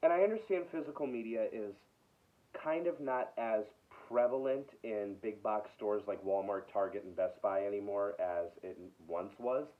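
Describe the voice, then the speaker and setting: A man's voice: fairly low pitch, normal speed. A man hosting his own video, telling a frustrated story in a casual rant, stumbling and repeating himself. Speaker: video host. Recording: tinny phone-like sound.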